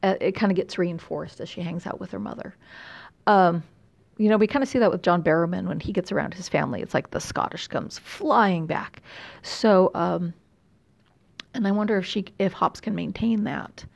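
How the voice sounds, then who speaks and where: A woman's voice: on the low side, normal speed, gravelly, muffled recording. A middle-aged woman from California with a slight Texas drawl, chatting casually and rambling with lots of fillers and self-deprecating asides. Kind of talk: casual chat.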